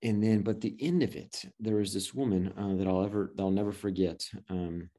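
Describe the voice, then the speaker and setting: Low mellow-voiced man telling a story. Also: steady tone, brisk. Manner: rambling, many restarts and quoted dialogue. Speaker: guest adoptive father. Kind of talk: casual storytelling chat.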